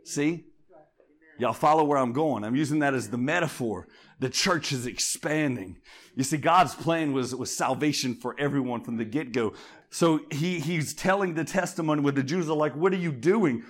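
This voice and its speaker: A man's voice: a little high, normal speed. A pastor preaching a sermon, calling out to the congregation as he builds to fervent peaks. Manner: call-and-response preaching, rising to fervent shouts.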